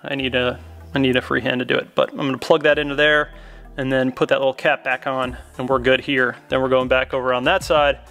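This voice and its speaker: A man's voice: medium pitch, little pitch movement, a little fast, a bit bright, soft background music. A young man giving a casual, upbeat step-by-step car install tutorial. He chats to viewers while working inside a car. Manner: chatty, upbeat, addresses viewers as guys. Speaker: car modification vlogger.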